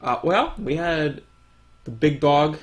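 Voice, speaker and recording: A man's voice: fairly high pitch, lively intonation, slow. Male podcast co-host, laid-back and teasing. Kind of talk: casual chat.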